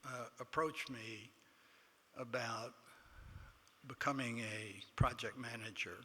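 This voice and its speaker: An older man with a Texan accent tells a self-deprecating story from the podium, acting out remembered conversations as he goes. His voice is strikingly bright and cutting. It carries through a large banquet hall with long reverb and a faint murmur of the room. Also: medium pitch, fairly even intonation, slow, long pauses, a little hiss or hum. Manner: self-deprecating storyteller, quotes others in dialogue. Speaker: award inductee giving acceptance speech. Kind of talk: anecdotal speech.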